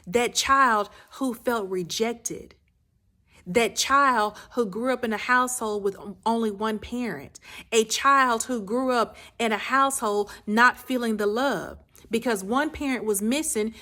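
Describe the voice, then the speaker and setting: Woman, life coach, motivational speech, unhurried, repetitive emphatic phrasing, soft near-whispered drops. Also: fairly high pitch.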